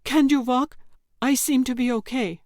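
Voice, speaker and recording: A woman's voice: high voice, fairly even intonation, normal speed, darkish tone, no echo, studio quality, voice pushed up. A woman reading a bossy young boy. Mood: commanding. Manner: commanding, falsely confident. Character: stubborn, bossy teenage boy explorer. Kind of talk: audiobook character reading.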